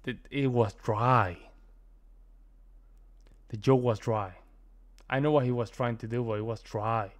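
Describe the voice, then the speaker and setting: American man, reaction video host, casual rambling commentary, lots of fillers, mid-pitched voice. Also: unhurried, long pauses. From United States. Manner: rambling, repeats himself, many fillers.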